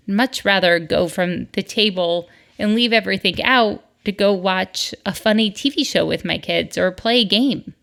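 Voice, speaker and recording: A woman's voice: mid-range voice, normal speed, gravelly, hardly any pauses, fairly bright tone. A middle-aged woman from the northern United States hosting a solo podcast, chatty and upbeat, with asides. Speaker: podcast host.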